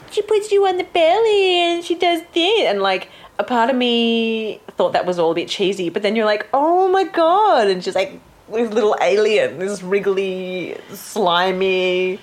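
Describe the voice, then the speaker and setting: A woman, chatting animatedly and acting out what others said. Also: mid-range voice. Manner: animated storyteller, acts out quotes loudly. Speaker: guest telling her birth story. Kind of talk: casual interview chat.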